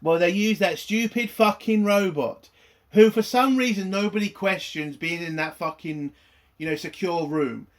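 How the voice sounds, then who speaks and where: A man's voice: high-pitched, normal speed. A man ranting through a TV episode review, profane, exasperated and sarcastic.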